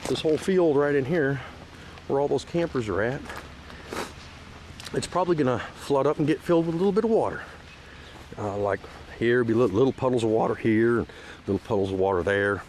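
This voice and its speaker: A man's voice: mid-range voice, expressive, a little fast, a little mellow, slight background noise. Rambling man vlogging outdoors. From Washington State, USA. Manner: rambling with many restarts and fillers, emphatic when scolding. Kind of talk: casual outdoor vlog ramble. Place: outdoors at a lakeside park.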